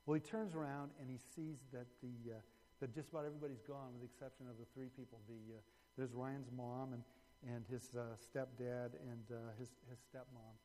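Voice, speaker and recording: A man preaching a sermon, telling a story with animated swings between loud emphasis and hushed moments. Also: medium pitch, a little fast, long reverb tail, poor audio. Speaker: pastor.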